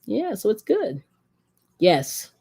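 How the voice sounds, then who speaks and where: A woman's voice: medium pitch, huge pitch swings, takes it slowly, creaky, dark tone, slightly rough. A woman hosting a casual cooking live stream, reading viewer comments aloud in a chatty, rambling way and giggling often. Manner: chatty and giggly, laughs often between remarks; rambling, with many fillers and restarts.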